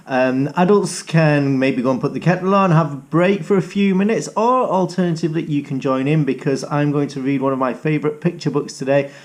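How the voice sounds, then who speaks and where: A middle-aged teacher reading a picture book aloud to young children, coaxing them to join in. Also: male voice, on the high side, brisk, few pauses.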